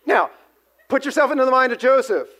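Male pastor, high-pitched, animated storytelling sermon with audience call-outs. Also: fairly quick. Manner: animated storytelling, acts out quotes, asks the audience.

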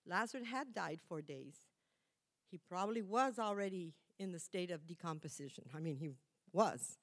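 A woman's voice: on the low side, lively intonation, normal speed. A middle-aged woman preaching a conversational sermon, chatty and self-correcting, laughing at herself now and then.

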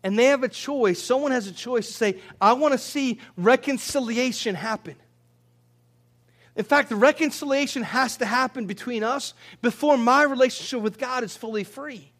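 A man with a high voice preaches to his congregation. He talks in a loose, conversational way, often repeating words before he finds them, and climbs higher when he drives a point home. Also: normal speed, fairly bright tone. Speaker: pastor. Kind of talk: sermon.

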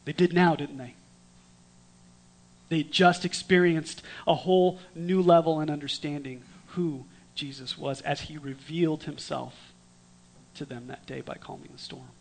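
A man preaching a storytelling sermon in a conversational way, with dramatic swings from lively to hushed. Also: on the high side, unhurried, creaky. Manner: conversational with restarts.

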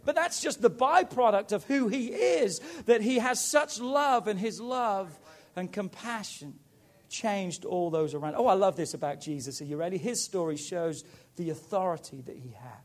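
High-voiced man preaching a sermon. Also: animated, moderate pace. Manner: emphatic, building to loud preaching. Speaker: pastor.

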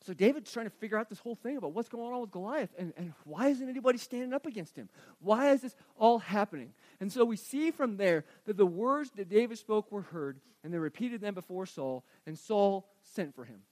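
A man with a high, light speaking voice delivers a sermon, retelling a scripture story in a casual, animated way as if chatting with his congregation. The sound is close and dry, with no room echo. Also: brisk, few pauses. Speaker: pastor.

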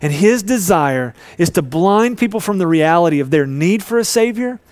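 High-voiced man preaching a sermon. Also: expressive, moderate pace, a little mellow, no echo. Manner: earnest preaching, acts out voices in stories. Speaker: pastor.

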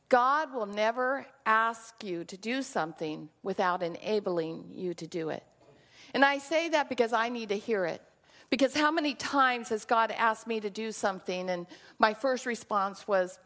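Woman pastor, sermon delivery, earnest and reflective, slightly high voice, echoing church hall. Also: lively intonation, normal speed, a bit bright. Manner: earnest, reflective preaching with acted quotes. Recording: long reverb of a large hall.

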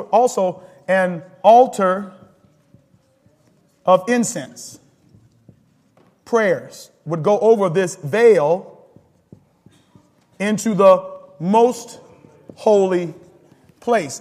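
A man's voice: high voice, slow pace, long pauses, darkish tone, long reverb tail. A man pastor teaching a sermon with call-and-response, laughing often and building to sudden emphatic rises.

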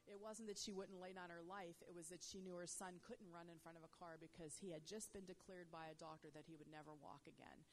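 Woman telling a lively faith testimony. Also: fairly quick, hardly any pauses, a little hiss or hum. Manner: conversational, peppered with "you know"; grows loud and high when excited. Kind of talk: animated faith testimony storytelling.

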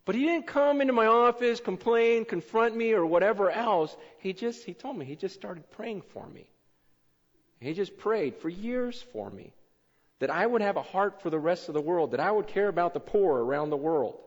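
A man preaching a sermon as pastor, telling stories with much repetition and swinging between loud excitement and hushed earnestness. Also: high voice, normal speed. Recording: muffled hall recording with long reverb.

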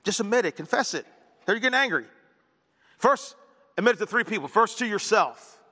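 A man's voice: high voice, lively intonation, brisk, bright, forceful tone, husky, in a large hall. A male pastor preaching a sermon in a casual, conversational way, with joking asides.

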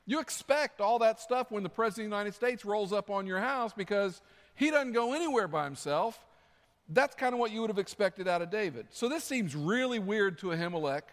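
A man's voice: high voice, brisk. A man preaching a sermon as pastor, telling stories animatedly and acting out quotes. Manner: animated storytelling with acted-out quotes. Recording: long hall reverb.

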